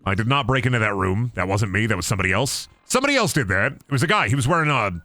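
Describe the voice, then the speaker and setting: A man's voice: medium pitch, very animated, quick pace, hardly any pauses, pushed and bright, no echo. A young man streaming a video game, joking around in a goofy, playful way and slipping into silly voices. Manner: goofy, jokey, often putting on silly voices. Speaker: gaming streamer.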